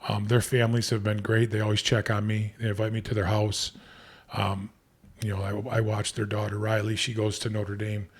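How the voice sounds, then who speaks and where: A man's voice: on the low side, completely flat delivery, fairly quick, slightly rough. A man in his fifties, a podcast guest, telling long casual stories with many restarts and fillers. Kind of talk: casual storytelling.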